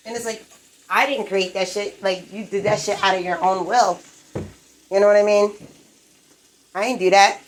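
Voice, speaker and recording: A woman's voice: medium pitch, fairly even intonation, moderate pace, pauses often, a little hiss or hum, low-quality recording. A woman on a live stream, ranting in a rambling, profane, agitated way from her apartment. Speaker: livestreamer.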